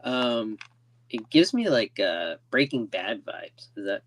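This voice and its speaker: A man's voice: fairly low pitch, sing-song, slow pace, a bit bright. A man co-hosting a podcast, talking hesitantly in casual chat with many ums.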